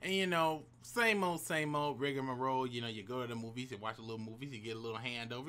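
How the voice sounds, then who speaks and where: A man's voice: medium pitch, fast talker, sharp tone, faint music behind. A man telling a personal story to camera in a casual vlog, slangy and profane, with hype-man asides to the viewers. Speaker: YouTube storyteller.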